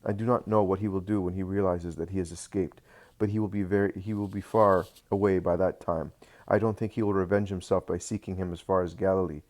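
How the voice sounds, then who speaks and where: A devoted husband speaks with firm, calm reassurance, as a man reads his part. The voice is very low and earnest, as in a slow storybook reading. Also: close to an everyday voice. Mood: reassuring.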